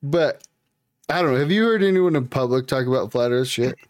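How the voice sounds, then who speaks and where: Young male podcast co-host, loose joking chat, very animated pitch, dry close sound. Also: fairly quick, dry recording. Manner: loose and joking, swears freely, acts out what he'd say. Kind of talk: casual chat.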